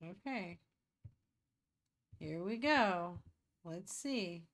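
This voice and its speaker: A woman's voice: on the low side, animated, drawn-out words, fairly bright tone. A woman streaming live, chatting casually and rambling playfully to herself as she works. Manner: rambling, playful, self-talking while working.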